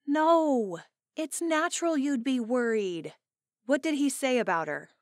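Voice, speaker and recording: A woman narrator voicing an excitable young bride-to-be friend in an audiobook, in a lifted, animated voice. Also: a little slow, dry recording, clean studio sound. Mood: concerned. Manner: animated, exasperated, higher-pitched. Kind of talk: audiobook character voice.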